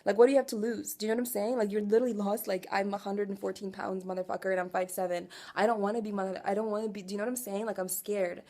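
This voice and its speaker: A woman in her twenties venting in an emotional confessional rant, raw and profane, swinging from quiet weariness to loud exasperation and asking again and again whether you follow her. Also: mid-range voice, flat delivery, very fast, hardly any pauses. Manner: raw, profane, keeps asking "do you know what I'm saying". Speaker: vlogger.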